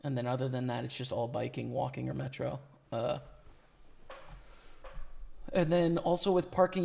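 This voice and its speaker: Gravelly young man streaming poker. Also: medium pitch, a little mellow. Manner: casual, chatty, thinks aloud about hands. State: losing his voice. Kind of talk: live-stream commentary.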